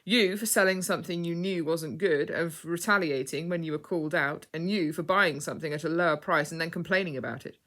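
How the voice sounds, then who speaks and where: A woman's voice: deep voice, brisk, hardly any pauses. A woman voicing a stern, commanding knightly man. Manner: firm, authoritative and loud.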